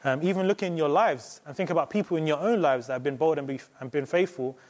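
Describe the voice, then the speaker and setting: Conversational young preacher. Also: male voice, on the high side, quick pace. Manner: conversational, many fillers and "you know". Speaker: visiting preacher. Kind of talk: sermon.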